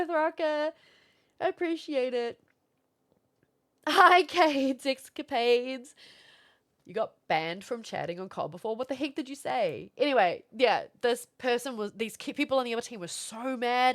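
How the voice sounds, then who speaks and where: A young woman from Florida, streaming and chatting casually with viewers, animated and swearing now and then. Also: on the high side, fairly quick, hardly any pauses. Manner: animated, swearing, reads out chat. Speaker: livestreamer.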